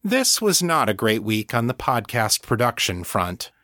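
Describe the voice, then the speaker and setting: Guy reading his own book, calm and steady, mid pitch, dry close mic. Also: no room sound. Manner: calm, measured storytelling. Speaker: author and audiobook narrator. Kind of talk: scripted narration.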